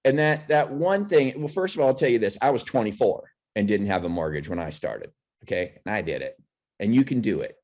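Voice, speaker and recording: A man's voice: fairly low pitch, lively intonation, brisk, darkish tone. Male host, video-call coaching session, encouraging and a bit rambling. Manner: repeats and restarts phrases, pep-talk manner.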